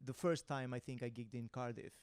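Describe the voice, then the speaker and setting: A young man hosts a comedy podcast, spinning anecdotes in an easy, animated way and slipping into voices as he goes. His voice sits mid-range and sounds close and dry, with no room around it. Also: medium pitch, a little fast, smooth, no room sound. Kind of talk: casual storytelling chat.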